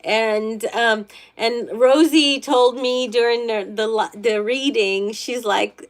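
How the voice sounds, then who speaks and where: A woman's voice: a little high, slow. A middle-aged woman reading tarot on a livestream and chatting casually with viewers, rambling and gushing with many restarts. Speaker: tarot reader, livestream host.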